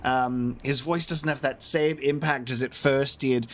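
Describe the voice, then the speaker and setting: A young man giving casual, chatty commentary on a game he is playing blind, excitable and quick to laugh. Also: medium pitch. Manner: chatty, excitable, laughs often, many fillers. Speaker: gamer streaming a blind playthrough.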